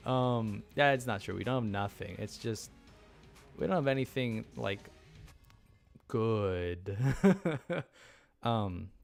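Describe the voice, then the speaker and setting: A man's voice: on the low side, gravelly. A man giving casual let's-play commentary, rambling with lots of ums and flustered chatter. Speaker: gameplay commentator.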